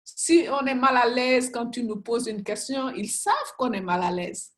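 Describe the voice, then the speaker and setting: A woman speaks on a panel in an earnest way, stopping often with fillers as she hunts for the right word. Her voice sits a little high. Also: lively intonation, moderate pace. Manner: earnest, searching for words with many fillers. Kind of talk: casual panel chat.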